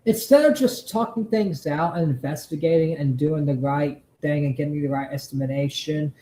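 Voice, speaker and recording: A man's voice: on the high side, normal speed, dark tone, reverberant, low-quality recording. A man hosting a live stream, angrily ranting and swearing as he reacts to a video. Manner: angry, profane ranting. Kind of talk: heated live commentary.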